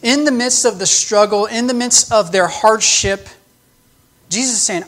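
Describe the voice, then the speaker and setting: Male preacher, higher voice, earnest teaching sermon, emphatic. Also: moderate pace, fairly bright tone. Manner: earnest, explanatory, with emphatic restarts.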